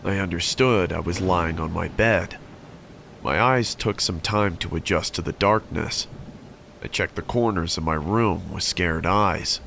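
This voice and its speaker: A man narrating a scripted horror story in an even, measured way. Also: deep voice, creaky, a little hiss or hum.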